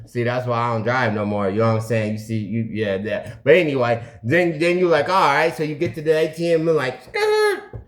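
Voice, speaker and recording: A man hosting a recovery channel, telling a story to his camera in a casual, animated way, acting out phone calls and making sound effects, and saying "you know what I'm saying" again and again. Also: medium pitch, fairly quick, hardly any pauses. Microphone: video camera.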